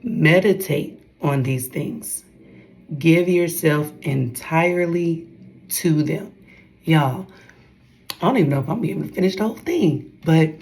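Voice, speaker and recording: A woman's voice: low-pitched, vocal fry, a little mellow, rough recording. A young woman giving a casual devotional talk to her followers, chatty and calling out to her viewers, acting out others' voices as she retells talks. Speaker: faith vlogger.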